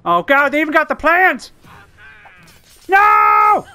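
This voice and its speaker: A gamer giving excitable, sweary commentary over their own gameplay. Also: mid-range voice, unhurried, creaky, soft background music. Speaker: let's play gamer.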